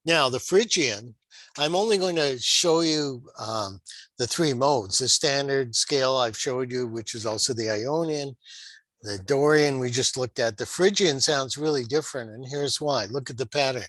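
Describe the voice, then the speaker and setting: Man, guitar teacher, bright clear tone, dry close sound, patient explainer. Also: medium pitch, moderate pace, dry recording, low-quality recording. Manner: patient, explanatory, with fillers and rhetorical questions. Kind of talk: screen-shared music lesson.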